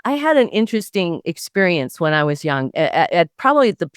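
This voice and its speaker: Smooth-voiced woman sharing spiritual reflections. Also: fairly low pitch, sing-song, dry recording, studio quality. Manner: earnest, drawn-out storytelling with trailing restarts. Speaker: guest.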